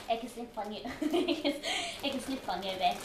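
A woman whose voice is squeaky from helium, talking slowly and giggling between words. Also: expressive. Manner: slow, giggling. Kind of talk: casual home video chat. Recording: noisy echoey room.

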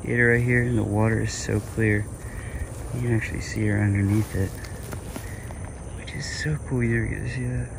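A young man with a casual, excited manner narrates an outdoor reptile-spotting vlog in a park, often talking softly to the animals. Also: lowish voice, a little fast, pauses often. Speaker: reptile vlogger. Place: outdoors in a state park and an alligator farm. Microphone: camera-mounted shotgun mic. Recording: outdoor recording with clear background noise.

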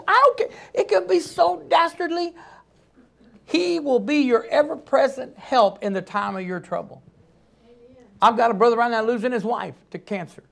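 A man delivers a sermon in a high-pitched voice. He preaches emphatically, breaking into sudden loud outbursts.

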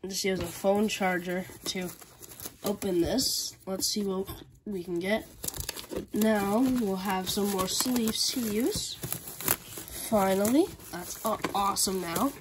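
A medium-pitched woman hosts her channel from home, chatting casually through an unboxing while she has the hiccups. She goes unhurriedly through the items one at a time, with a noisy background of faint TV sound and crinkling packaging indoors.

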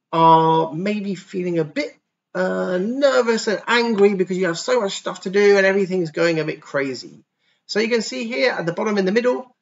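A man teaching English to young children online, explaining words patiently and sounding them out slowly and clearly. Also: high-pitched, a bit bright, lo-fi sound. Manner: patient, slow, over-articulated pronunciation demos. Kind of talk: online class for kids.

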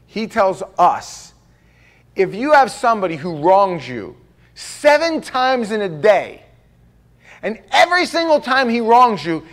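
A man's voice: high voice, a bit bright. A man pastor preaching a conversational, jokey sermon, acting out the people he quotes.

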